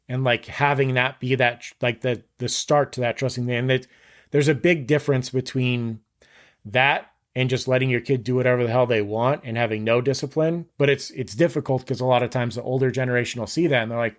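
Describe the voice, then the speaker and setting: A man's voice: medium pitch, steady tone, moderate pace. Earnest talkative man in his thirties. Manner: earnest, rambling, heavy use of "like". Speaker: podcast guest. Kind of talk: casual conversation.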